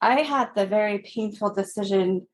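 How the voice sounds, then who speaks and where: A woman in her thirties telling a personal story as a podcast guest, earnest and gently laughing between phrases. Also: mid-range voice, moderate pace, slight background noise.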